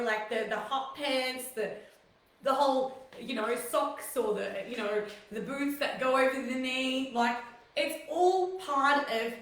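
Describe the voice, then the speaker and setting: A woman's voice: on the high side, fairly bright tone. A woman hosting a casual talk show, rambling with many fillers. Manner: rambling, filler-heavy, chatty. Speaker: host. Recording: very echoey room, mic far off.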